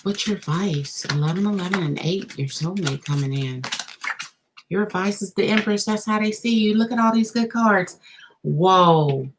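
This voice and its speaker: A woman's voice: medium pitch, moderate pace, slight background noise, rough recording. A woman giving a live tarot reading, talking straight to the viewer, thinking aloud and reacting with gasps and laughs. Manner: expressive, gasps and laughs as cards turn up. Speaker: tarot reader.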